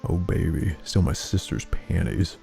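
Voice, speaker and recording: A man's voice: sits low, unhurried, creaky, dark tone, faint music behind. A young man playing a game, reading its text aloud and making crude, sardonic remarks. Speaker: let's play gamer. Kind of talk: casual game commentary and reading.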